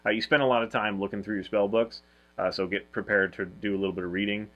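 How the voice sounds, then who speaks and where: A man's voice: on the low side, steady tone, fast, fairly bright tone, dull audio. A man co-hosting a casual board game review, talking loosely with lots of fillers and restarts. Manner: rambling, many fillers and restarts.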